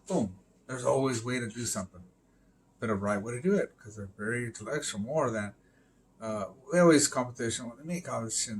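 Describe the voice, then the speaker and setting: A man's voice: mid-range voice, slight background noise. A man rambling through a casual monologue on a live stream, full of fillers, swearing and emphatic interjections.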